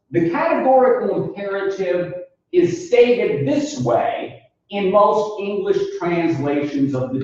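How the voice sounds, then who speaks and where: Slow, lively-pitched male lecturer in an echoey room. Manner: deliberate, addresses the class as folks, asks them questions. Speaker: philosophy instructor. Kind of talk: in-class lecture. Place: classroom. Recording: echoey classroom recorded from far off, dull lo-fi sound.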